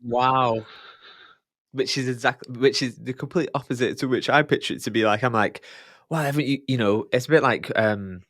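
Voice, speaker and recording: A man's voice: mid-range voice, steady tone, moderate pace, a bit bright, no room sound, studio quality. A man hosting a podcast, asking curious questions in a hesitant, restarting way. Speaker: podcast host. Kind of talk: conversational podcast interview.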